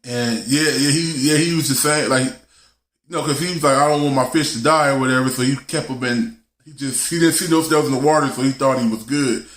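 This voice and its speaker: A man's voice: medium pitch, moderate pace. Man telling a story in an echoey room. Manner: loose, slangy, laughs through his story. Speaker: live stream host. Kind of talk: casual storytelling chat. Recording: roomy echo.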